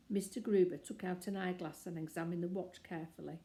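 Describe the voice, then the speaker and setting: Woman narrator, storybook reading aloud, gravelly, lively character voices. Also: lowish voice, fairly quick, low-quality recording.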